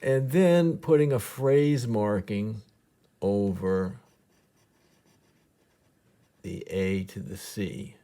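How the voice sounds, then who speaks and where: A man's voice: on the low side, drawn-out words, pauses often, mellow. A man teaching a piano lesson step by step, patiently counting beats aloud as he demonstrates, with piano notes behind him.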